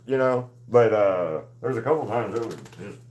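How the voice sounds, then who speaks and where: Low-voiced man chatting while he paints. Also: moderate pace, darkish tone, slight background noise. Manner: rambling, swears casually. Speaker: artist livestreaming a painting session. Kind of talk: casual chat while painting.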